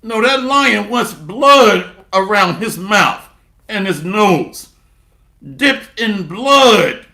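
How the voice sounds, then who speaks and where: With an expressive delivery, drawn-out words and vocal fry, a man preaches a sarcastic sermon built around repeated refrains. He reads scripture aloud and moves between muttering and loud bursts in a roomy-sounding space.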